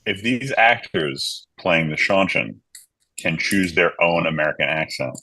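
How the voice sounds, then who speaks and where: A man with an extremely deep, gravelly voice and a husky edge chats casually as a guest co-host, often starting hesitantly. The sound is dry and close. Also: expressive, measured pace, pushed and bright, dry recording. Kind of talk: casual chat.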